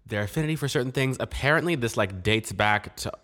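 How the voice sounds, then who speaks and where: A man's voice: medium pitch, lively intonation, quick pace, fairly bright tone. A young man co-hosting a casual podcast, talking in a rambling, jokey way with lots of fillers. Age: young adult. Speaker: podcast co-host. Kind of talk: casual chat.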